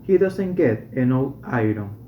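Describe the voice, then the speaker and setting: A man reading medical English textbook passages and exercises aloud, slowly and deliberately, stopping to correct himself. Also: mid-range voice, lively intonation, a little hiss or hum. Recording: dull echoey room recording.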